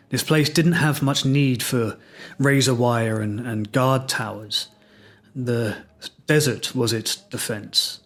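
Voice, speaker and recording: A man from England with an English accent, hosting a solo podcast and telling his own story in a reflective, wry, self-deprecating way. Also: medium pitch. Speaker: podcast host.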